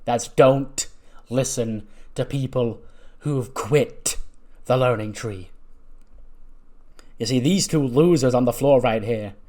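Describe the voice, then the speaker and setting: A man's voice: medium pitch, slow, long pauses, dark tone, natural voice. A man voicing a smug, arrogant male wrestling teacher who lectures with scorn, in a lightly acted narration of a wrestling game. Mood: scornful.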